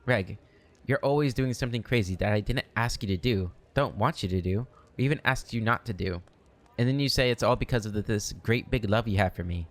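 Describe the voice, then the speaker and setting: Man reading a proud, hurt half-elf woman in a game. Low, plain voice. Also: fairly quick, close to an everyday voice. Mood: reproachful.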